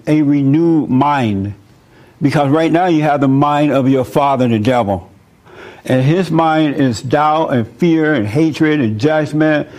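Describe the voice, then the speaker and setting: Man preaching casually in a fairly high voice. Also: darkish tone. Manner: conversational, personal stories, chuckles often. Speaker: preacher answering listener questions. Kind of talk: informal sermon.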